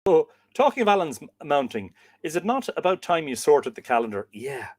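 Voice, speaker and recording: Lively Irish man chatting on a livestream. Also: on the high side, fairly quick, no room sound. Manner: chatty, reads out comments and answers them warmly. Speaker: livestream host. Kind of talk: casual livestream chat reading viewer comments.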